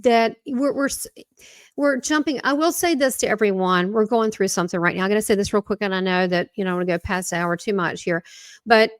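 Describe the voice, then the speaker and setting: A woman talks animatedly as a podcast guest. She jumps between thoughts and restarts sentences. Her voice sits at a middle pitch, and the recording sounds dry and close. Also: fairly quick, no echo. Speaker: guest, spiritual medium. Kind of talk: casual interview chat.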